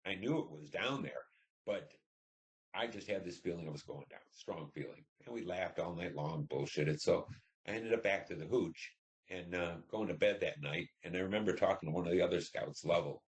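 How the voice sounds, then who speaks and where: A man's voice: low-pitched, moderate pace. A man in his seventies, a veteran, telling his war memories in a rambling, blunt and profane way, with many restarts. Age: 70s. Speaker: veteran recounting war service. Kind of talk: oral history storytelling.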